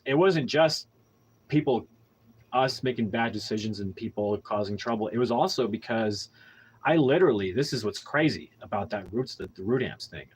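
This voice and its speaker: A man's voice: medium pitch, husky, poor audio. A young adult man hosting a podcast, telling a personal story casually with frequent restarts and blunt profanity. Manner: candid storytelling with heavy profanity; rambling with frequent restarts and fillers. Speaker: podcast host. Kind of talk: casual monologue.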